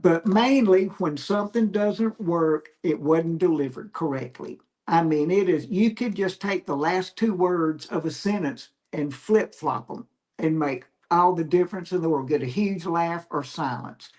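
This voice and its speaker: A male comedian, a guest on a podcast, telling stories in an animated, reflective way about his craft. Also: on the high side, unhurried. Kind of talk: casual storytelling chat.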